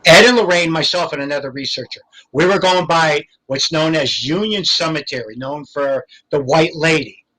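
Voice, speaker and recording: Bright-toned older man telling stories. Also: on the high side, normal speed, few pauses, low-quality recording. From Connecticut, USA. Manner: rambling, anecdotal, many fillers. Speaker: guest paranormal investigator. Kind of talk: casual interview storytelling.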